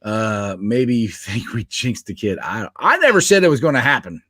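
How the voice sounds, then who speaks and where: A man co-hosting a casual sports podcast, talking in an animated way, laughing often and restarting his sentences. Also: on the low side, moderate pace, breathy edge, no room sound, clean studio sound. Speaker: podcast co-host.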